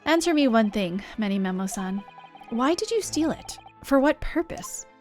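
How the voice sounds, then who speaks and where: A woman's voice: on the high side, sing-song, moderate pace, a little mellow, soft background music. A woman voicing a young male defense lawyer in a game, asking pointed questions. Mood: probing. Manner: probing, questioning.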